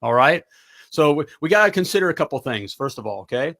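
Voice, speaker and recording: A middle-aged man hosting a live talk show, giving an energetic pep talk and checking in often with "all right?". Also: a little high, fast, gravelly. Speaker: talk show host and plumbing business coach.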